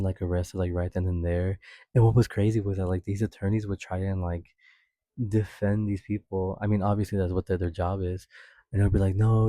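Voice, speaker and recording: A man's voice: warm tone, no echo. A young man hosting a podcast, telling a personal story in a chatty, swearing way with laughs. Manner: chatty, swears often, laughs while telling, acts out quotes in a high voice. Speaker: podcast host. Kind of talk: casual storytelling.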